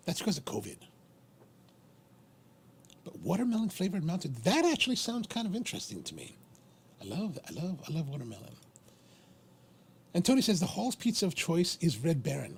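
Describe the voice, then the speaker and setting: A man's voice: on the high side, fairly quick, long pauses, slightly rough. A man hosting a live stream, chatting casually in a rambling, repetitive way. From Maryland, USA. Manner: rambling, chatty, lively with repeated phrases. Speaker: livestream host.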